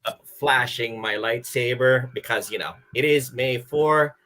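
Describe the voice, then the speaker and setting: A man's voice: mid-range voice, a little slow, bright, forceful tone, rough recording. A man on a gaming show panel, chatting in an upbeat, friendly way over a video call. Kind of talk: casual livestream chat. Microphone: video call mic.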